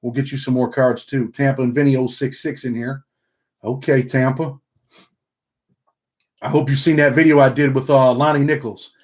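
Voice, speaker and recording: A man's voice: medium pitch, flat delivery, moderate pace, long pauses, a little mellow. A man from upstate New York with a Southern country twang, hosting a casual livestream, reading the chat aloud and tacking "man" onto the end of his sentences.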